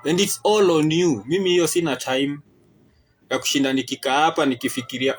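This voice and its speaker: A young Kenyan man with a Kenyan accent, switching between English and Swahili in a casual opinion monologue. He talks in an animated, exasperated way. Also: fairly high pitch, brisk, slightly rough, low-quality recording. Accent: Kenyan English with Swahili and Sheng code-switching. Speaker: podcast host.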